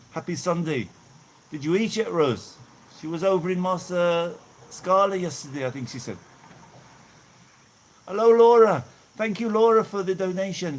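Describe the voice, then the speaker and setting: A middle-aged man from England with a Birmingham accent, chatting casually on a live stream and thanking viewers by name. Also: fairly high pitch. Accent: Birmingham English. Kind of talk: casual live chat, reading out viewer messages. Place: outdoors in hot weather.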